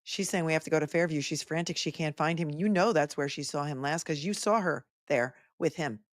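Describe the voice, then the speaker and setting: Woman, attorney commentator, sarcastic, low voice, dry close sound. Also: fairly quick, no echo. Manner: sarcastic, animated asides. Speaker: attorney commentator hosting a livestream. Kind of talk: live trial commentary.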